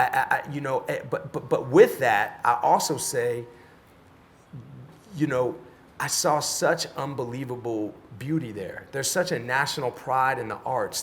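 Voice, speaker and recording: The speaker is a middle-aged Washington, D.C. man guesting on a podcast, telling a long story casually and crudely while acting out what people said. His medium-pitched voice moves at a measured pace, and a little hiss or hum runs underneath.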